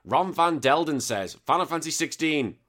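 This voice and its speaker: Male podcast host, bright forceful voice, loose and sweary, rambling casual chat. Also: fairly high pitch, animated, normal speed. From United Kingdom. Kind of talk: casual chat reading listener comments.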